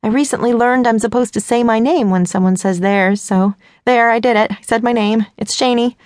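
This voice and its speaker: A woman's voice: a little high, normal speed, darkish tone, dry recording, studio quality, close to an everyday voice. A woman playing a nervous, sarcastic teen girl. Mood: awkward. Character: awkward, sharp-tongued teenage girl, rambling.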